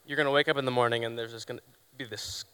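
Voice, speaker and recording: A man's voice: medium pitch, steady tone, rapid-fire, clean tone. A man who is a guest on a live comedy panel, arguing his points emphatically. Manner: emphatic, argues loudly. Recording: reverberant live venue.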